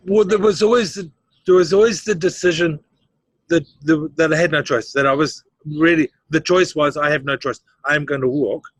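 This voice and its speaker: A middle-aged man with a slightly raised pitch tells his story as an interview guest, acting out other people's voices as he goes. His delivery is animated and punctuated by laughs. The sound is dry and close, with no room echo. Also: moderate pace.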